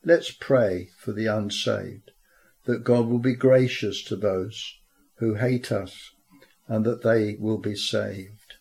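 A man's voice: fairly low pitch, steady tone, slow, gravelly, a little mellow, rough recording. A man preaching a sermon, reading scripture aloud and asking rhetorical questions, ending in prayer.

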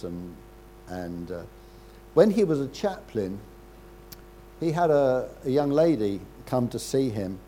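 Slow, lively older preacher. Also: male voice, lowish voice, slight background noise. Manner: conversational, with rhetorical questions and frequent throat-clearing. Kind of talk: sermon.

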